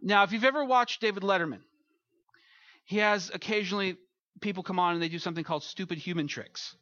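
A male pastor with a high, bright voice delivers a casual, story-driven sermon and slips into playful quoted voices. The sound is dry and close, a little dull in the highs. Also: fast, no echo. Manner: conversational preaching, acts out quotes.

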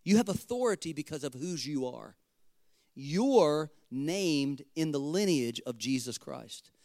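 A man preaching with a fervent, emphatic drive and a fairly high voice for a man. He breaks into casual, joking asides to the congregation. The sound is dry and close. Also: animated, a little slow, darkish tone, dry recording. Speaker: pastor. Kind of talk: sermon.

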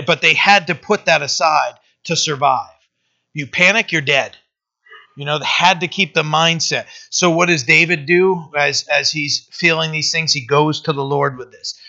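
A pastor talks through a psalm in an easy, conversational manner, often pausing on fillers and restarting his sentences. His voice is bright and sits a little high for a man. The recording sounds dull and lo-fi. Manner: casual, halting, with many fillers and restarts. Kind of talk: conversational Bible teaching.

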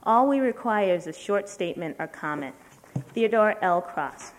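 Woman reading a letter aloud, measured. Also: medium pitch, expressive, slight background noise. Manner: measured, deliberate reading with slow emphatic pauses. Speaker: writer reading at a literary event.

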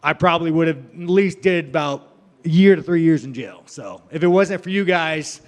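A man's voice: fairly high pitch, moderate pace. A young man telling a rambling, profane story about himself, laughing at his own jokes. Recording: long hall reverb.

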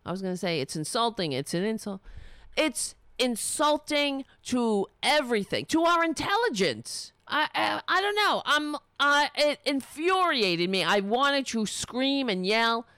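A woman's voice, slightly high and swinging widely in pitch, tears into her subject with sarcasm and swearing. She takes her time, dragging out her indignant points, and the recording is close and dry with no room sound. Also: sing-song, unhurried, hardly any pauses, bright, forceful tone, clean tone, no echo. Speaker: political commentator. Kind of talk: angry political rant.

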